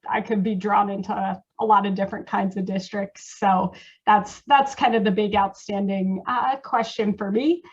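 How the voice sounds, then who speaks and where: A woman speaking on a panel in a measured, hesitant way, with many fillers. Her voice sits at a middling pitch. The sound is dull and lo-fi, as if over a video call. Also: steady tone. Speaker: former political candidate. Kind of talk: panel discussion.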